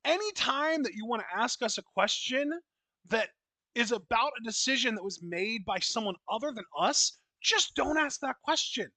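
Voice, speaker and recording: A man's voice: very high voice, animated, moderate pace, sharp tone, no echo, low-quality recording. A man co-hosting a casual podcast chat, exasperated and swearing as he mock-quotes listener questions. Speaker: co-host.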